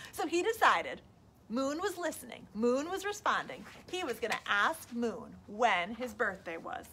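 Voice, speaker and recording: A woman librarian reading a picture book aloud at a children's storytime, animated and asking the kids questions. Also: fairly high pitch, a little slow, a little hiss or hum.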